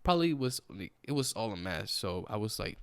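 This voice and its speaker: A man's voice: fairly low pitch, very animated, brisk, smooth, no echo. A young man telling stories on his podcast, casual, profane and rambling, with frequent restarts. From Puerto Rico. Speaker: podcast host. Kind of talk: casual storytelling.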